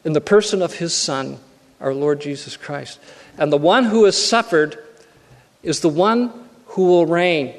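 A man's voice: on the high side, measured pace. A man preaching a sermon, earnest and repeating his key phrases for emphasis. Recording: long hall reverb.

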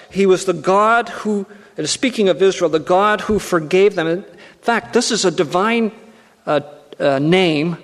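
Earnest preacher man in an echoing hall. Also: sits high. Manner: earnest, repeats key phrases for emphasis. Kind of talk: sermon. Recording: long hall reverb.

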